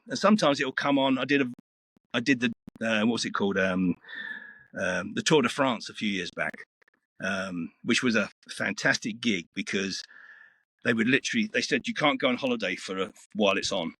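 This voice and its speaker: Deep-voiced man in his sixties. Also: normal speed, husky, dry recording. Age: 60s. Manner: relaxed, rambling storyteller with many fillers. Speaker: voice-over actor. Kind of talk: casual interview chat. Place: small home recording booth. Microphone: headset.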